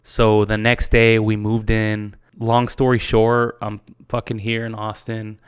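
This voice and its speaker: A laid-back American man in his mid-twenties hosts his own podcast, chatting loosely with plenty of "dude" and cursing, sometimes getting tearful. His voice is on the low side, smooth and clear, with little rise and fall. The recording is close and dry, with no room sound. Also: completely flat delivery, a little slow, dry recording. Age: 20s. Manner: casual, swears a lot, says "dude" often; gets tearful and emotional. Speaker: podcast host. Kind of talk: casual solo podcast talk.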